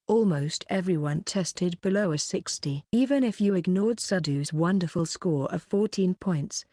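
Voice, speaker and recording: Audiobook narration by a woman, steady, dark tone. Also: lowish voice, no room sound, studio quality. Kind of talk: scripted narration.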